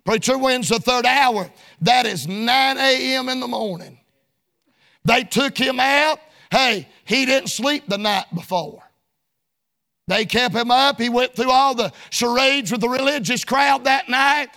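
High-pitched gravelly shouting preacher man. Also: unhurried. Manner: shouting, sing-song preaching cadence; folksy colloquial. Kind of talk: sermon.

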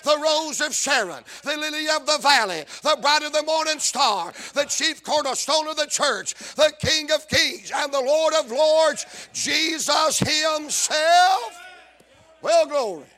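A man preaching a sermon, shouting and chanting his lines in a sing-song cadence. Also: very high-pitched, lively intonation, a little slow.

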